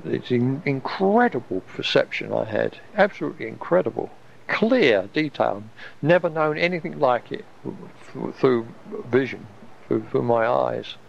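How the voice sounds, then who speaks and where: A man recounts an experience in a rambling, wondering way, breaking off and restarting his sentences. His voice is gravelly and mid-pitched. The recording is dull and lo-fi. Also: animated, a little slow, a little hiss or hum. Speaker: storyteller recalling an experience. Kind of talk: casual personal storytelling.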